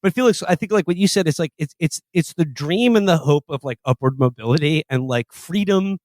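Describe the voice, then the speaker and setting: A man from New York City co-hosts a podcast in a fairly high voice, animated and casually profane. The sound is close and dry. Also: brisk, no echo. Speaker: podcast co-host.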